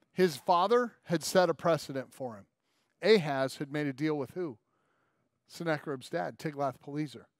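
A man's voice: high voice, no room sound, clean studio sound. A man in his forties preaching a sermon as pastor, telling stories and acting out quoted lines in little character voices.

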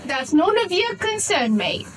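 A woman's voice: high-pitched, very animated, unhurried, a crowd in the background, low-quality recording. A woman voicing a scrawny young male town guard who mockingly tacks "right?" onto every accusation, over a faint hiss. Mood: needling. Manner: mocking, repeats "right?" after every charge.

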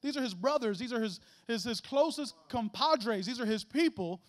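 A man preaches in a church, his voice sitting high and bright for a man. He keeps it conversational and animated, joking with the congregation and acting out little voices as he goes. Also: normal speed. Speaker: guest preacher. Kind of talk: lively conversational sermon. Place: church sanctuary.

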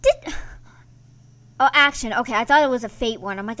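Hosting her own gaming channel, a woman gives casual let's-play commentary in a slightly high voice, speaking fairly quickly. She's excitable and grumbles in a playful way.

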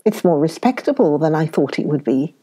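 A woman voicing a lively, impulsive young woman adventurer who is quick to exclaim, in a storybook reading. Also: low-pitched, slightly rough, exaggerated voice. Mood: playful.

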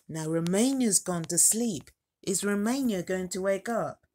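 A woman hosting a doll unboxing vlog at home, talking to her dolls in a gentle, motherly baby-talk voice. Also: lowish voice, expressive, a little slow. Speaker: doll collector and channel host.

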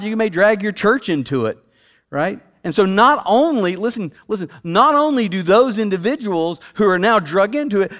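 A senior pastor, a man, preaching in a casual, talky way with a slightly high voice. He repeats himself for emphasis, leans on "like" and "you know," and drops from emphatic loud peaks to hushed, intimate passages. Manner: conversational preaching, swings between loud emphatic peaks and hushed, quiet stretches. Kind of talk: sermon.

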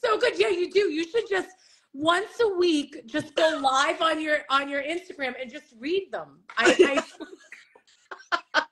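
A woman with a Long Island, New York accent hosts a casual live-stream chat, gushing, swearing freely, and saying "like" a lot. Her voice is high, fairly bright, and unhurried.

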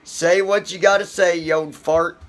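A man hosting his online show in a casual, halting way with many filler pauses. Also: sits high, fairly even intonation, soft background music. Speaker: host. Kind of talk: casual chat.

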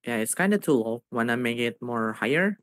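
A young man co-streaming a game, easygoing and quick to laugh. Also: medium pitch, expressive, fairly bright tone. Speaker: streamer, co-host. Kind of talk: casual gaming stream chat.

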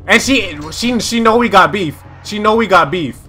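A young man giving loud, slangy, exasperated commentary while playing a school simulator game. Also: high-pitched, lively intonation, normal speed, faint music behind. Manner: slangy, repeats phrases. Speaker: gaming YouTuber. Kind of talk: casual let's-play commentary.

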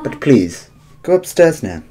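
A man voicing a gentle, motherly female goat monster who speaks softly and sadly. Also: medium pitch, very animated, a little slow, slight background noise, rough recording. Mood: tender pleading. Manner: soft, sorrowful, pleading.

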